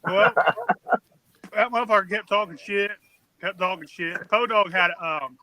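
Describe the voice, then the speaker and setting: A man's voice: high-pitched, measured pace, pushed and bright, no room sound, poor audio. A man telling a long, rambling, profane story on a casual podcast.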